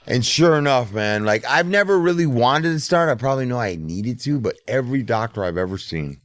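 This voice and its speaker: A man's voice: mid-range voice, expressive, brisk, no echo. A middle-aged man telling a casual, profane story as a podcast host. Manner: profane, laid-back storyteller.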